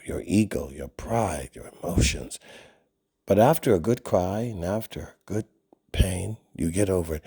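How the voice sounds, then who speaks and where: A man preaching a sermon in an earnest way, sometimes dropping to a hush on painful words. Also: sits low, breathy edge.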